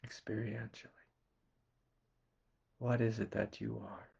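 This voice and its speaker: A man from Kentucky with a Southern accent, a spiritual teacher giving a slow, meditative satsang talk and asking quiet questions between soft laughs. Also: on the low side, steady tone, creaky, husky, highs cut off. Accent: Southern American. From Kentucky, USA.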